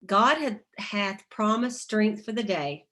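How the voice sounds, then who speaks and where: A woman's voice: medium pitch, expressive, takes it slowly, fairly bright tone. A middle-aged woman leading a motivational sales team call, chatty, laughing often and reading inspirational quotes aloud.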